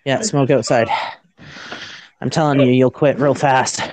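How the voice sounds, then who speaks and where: A woman's voice: a bass voice, animated, slow, darkish tone, husky, no room sound. A woman from Canada hosting a casual livestream chat from outdoors in freezing weather, shivering and stuttering from the cold and laughing at herself as she jokes. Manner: giggly, self-mocking, joking. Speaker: livestream host.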